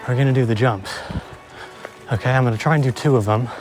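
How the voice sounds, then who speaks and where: Young guy out of breath on a bike trail, swearing and laughing at himself, mid-pitch voice, music going underneath. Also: fast. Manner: breathless, swearing, self-deprecating commentary. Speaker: mountain bike vlogger. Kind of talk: casual narration while riding. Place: outdoors on forest trails.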